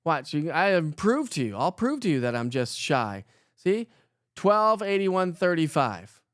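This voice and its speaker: A Colorado man runs a morning weather livestream in a relaxed, upbeat style, joking around, reading comments, and greeting viewers by name. His voice is on the high side, sing-song and unhurried, with studio-quality sound and no room noise.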